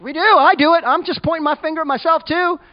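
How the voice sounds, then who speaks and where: A man's voice: very high voice, fast talker. A man preaching a sermon in an emphatic, conversational way. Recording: dull lo-fi recording.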